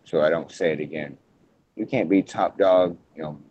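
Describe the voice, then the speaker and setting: A man hosting a casual wrestling podcast, talking in halting bursts with frequent restarts. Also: low-pitched, darkish tone, slight background noise. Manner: halting, restarts often, hedges before points. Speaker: podcast host. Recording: muffled lo-fi podcast audio.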